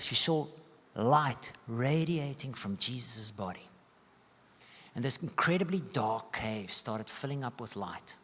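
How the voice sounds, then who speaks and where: A male pastor preaching a sermon, telling stories with sweeping rises and soft, hushed dips. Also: medium pitch, slightly rough. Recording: long church-hall reverb.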